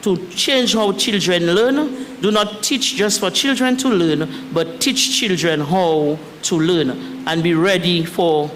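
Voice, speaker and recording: A man with a Dominican accent, an education official speaking at a press briefing in an animated, chatty way. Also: high-pitched. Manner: animated, chatty, breaks into song and counting. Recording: long hall reverb with faint background noise.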